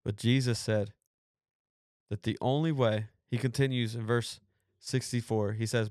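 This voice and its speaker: A man's voice: medium pitch, fairly even intonation, a little slow, darkish tone, smooth, no room sound, clean studio sound. A man hosting a podcast, preaching emphatically, reading scripture and repeating phrases for emphasis. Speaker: podcast host.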